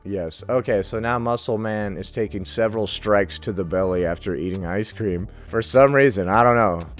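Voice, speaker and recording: A man's voice: on the low side, moderate pace, soft background music. A man hosting a comedic reaction video, mocking and irreverent, who swears freely and laughs often.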